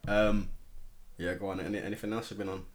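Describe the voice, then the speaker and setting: Male co-host, lower pitch, relaxed slangy banter. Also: fast talker. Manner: laid-back banter with slang. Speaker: podcast co-host. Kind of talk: casual chat.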